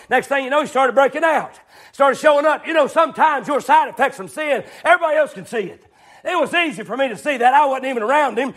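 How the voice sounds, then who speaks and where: A preacher in middle age delivers a fiery sermon in a strikingly high, piercing voice. He talks in a folksy way, circles back to the same refrains, and rises into shouts.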